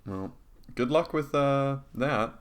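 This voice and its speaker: A man co-hosting a podcast, joking and teasing in quick, laughing banter. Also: mid-range voice. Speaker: podcast co-host. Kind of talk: casual podcast chat.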